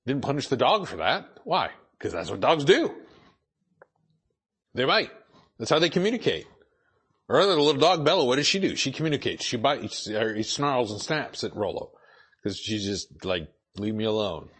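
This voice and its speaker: A man's voice: medium pitch, very animated, normal speed, fairly bright tone, slightly rough. A male pastor preaching a conversational sermon, often restarting phrases and adding casual asides.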